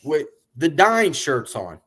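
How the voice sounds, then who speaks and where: Fast-rambling man telling stories. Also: a little high, slightly rough. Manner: animated, profane, rambling storyteller. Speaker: interview guest, music industry figure. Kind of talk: casual storytelling interview.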